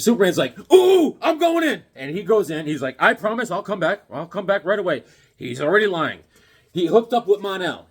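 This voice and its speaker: A middle-aged man chatting casually about his comic books, rambling and enthusiastic with lots of fillers. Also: a little high. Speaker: comic book vlogger. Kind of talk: casual chat.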